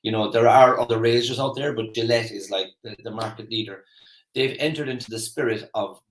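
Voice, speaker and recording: A man's voice: medium pitch, steady tone, brisk, roomy sound, low-quality recording. An Irish man giving a casual motivational talk, chatty and rambling with lots of restarts and fillers. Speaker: motivational speaker.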